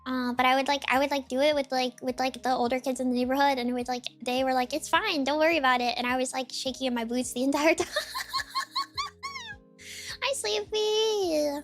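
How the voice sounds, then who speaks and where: Young woman, very high voice, chirpy sing-song greetings, rambling casual chat, faint music behind. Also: level tone, fast, hardly any pauses. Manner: rambling, lots of "like" and "dude". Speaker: streamer.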